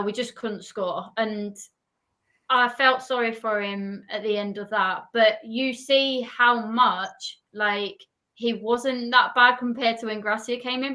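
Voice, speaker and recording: A woman's voice: on the high side, sharp tone. A woman football fan ranting in frustration about her team in casual chat.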